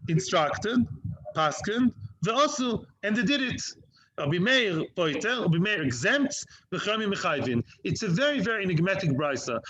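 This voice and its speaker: A man teaching a Talmud lecture, lively and full of rhetorical questions, mixing Hebrew and Aramaic terms into his English. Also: sits high, rough recording.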